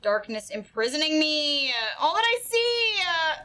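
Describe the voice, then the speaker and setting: A woman's voice: sits high, very animated, normal speed, pushed and bright, rough recording. A woman commentating live on a horror game, crude and self-mocking, stressed, breaking into silly made-up songs. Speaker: streamer playing a horror game.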